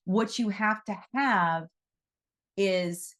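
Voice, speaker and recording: A woman's voice: lowish voice, moderate pace. A middle-aged woman giving a casual teaching talk to a class on animal Reiki. She is conversational and often checks in with "right?".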